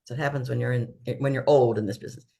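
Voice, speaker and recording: A woman's voice: extremely low pitch, fairly even intonation, very fast, creaky, mellow. An older woman, a financial planner, explaining money matters in a casual video chat, emphatic and fond of playful catchphrases.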